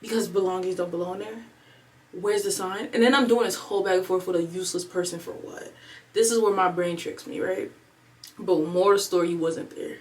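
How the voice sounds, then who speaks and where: A woman in her twenties, chatting alone at home in a casual storytime vlog, animated and replaying her own thoughts aloud. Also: lowish voice, moderate pace, recorded from a distance. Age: 20s. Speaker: vlogger. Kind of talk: casual storytime chat to camera.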